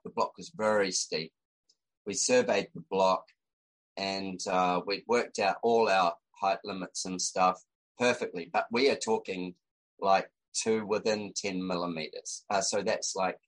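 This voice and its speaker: Low-voiced Australian man telling a story. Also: low-quality recording. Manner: rambling, with fillers and restarts. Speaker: guest, designer. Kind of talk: casual storytelling chat.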